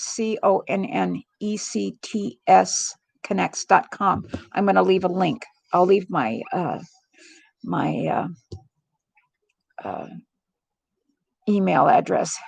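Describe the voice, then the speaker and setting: A woman's voice: medium pitch, vocal fry, dry recording, rough recording. A middle-aged woman hosting a live stream vlog, talking in a rambling, earnest and heartfelt way. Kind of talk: casual confiding monologue.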